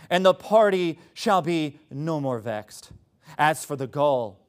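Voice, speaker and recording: A man's voice: a little high, voice pushed down, natural voice. A preacher voicing a pompous, pseudo-intellectual male reader in a mock British accent, reading old scripture with mock solemnity.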